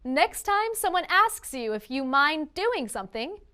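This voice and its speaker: A woman's voice: sits high, very animated, sharp tone. Woman explaining grammar, voice bounces up and down a lot, stresses example phrases. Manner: clear, slow, emphatic delivery of example phrases. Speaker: grammar teacher. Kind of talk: scripted lesson narration.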